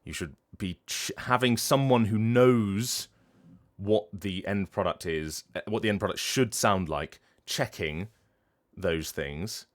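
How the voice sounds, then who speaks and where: Low-voiced man musing on a livestream. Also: takes it slowly. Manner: thoughtful, explaining at length with frequent restarts. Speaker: voice actor and streamer. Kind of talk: casual livestream talk.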